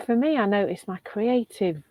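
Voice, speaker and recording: A middle-aged woman from England, thinking aloud in a reflective chat as a podcast co-host, animated and quick to laugh. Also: mid-range voice. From Northern England.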